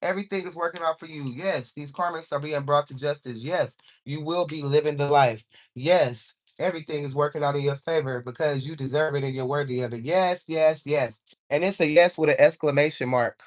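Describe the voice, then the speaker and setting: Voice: mid-range voice, brisk, few pauses. A spiritual card reader doing a live reading for her viewers, encouraging them and calling on angels, with "okay?" after nearly every line. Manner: encouraging, repeats "okay?" often; informal speech, calls on angels.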